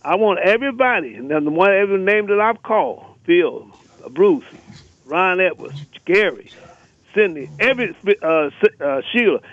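On a tinny phone line, a male caller to a radio show launches into a fiery, emphatic rant, repeating rallying lists. His voice is high-pitched and expressive at a moderate pace, and the recording is dry, through a telephone mic.

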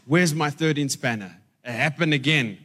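A man putting on a fed-up husband yelling. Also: high-pitched, fairly even intonation, measured pace, breathy edge, soft background music, pitched above the performer's own voice, heavily acted. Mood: exasperated. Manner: shouting, exasperated. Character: irritable husband hunting for his spanner.

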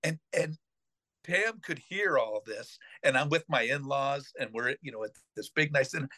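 A man's voice: mid-range voice, normal speed, dry recording. Middle-aged male host, casual rambling storyteller, dry close sound. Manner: rambling, full of fillers and restarts, animated retelling. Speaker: podcast host.

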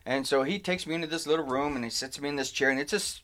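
A little high and rapid-fire, this podcast co-host rambles through a long personal anecdote in casual conversation with a friend. He's animated, often cutting himself off and starting his sentences over.

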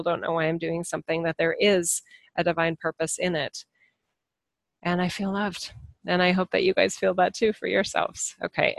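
A woman talking casually to her followers as a spiritual channeler and teacher, animated and earnest, laughing often as she reflects on herself. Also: mid-range voice, dry recording.

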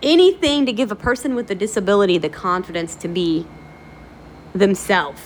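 A woman with a medium-pitched voice speaks at a normal speed over a faint hiss or hum. She hosts a motivational video series and chats casually to the camera, encouraging and animated, telling stories packed with fillers.

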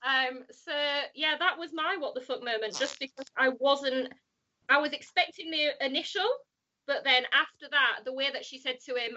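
Woman, high and bright; animated, laughing panelist; muffled lo-fi recording. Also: moderate pace. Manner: animated, laughing, swearing, acting out quotes. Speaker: podcast panelist. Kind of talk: casual chat. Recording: dull lo-fi audio.

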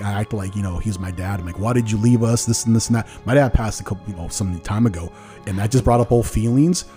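Mellow-voiced man hosting a podcast. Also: on the low side. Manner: loose, storytelling, acts out quotes. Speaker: podcast host. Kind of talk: casual interview chat.

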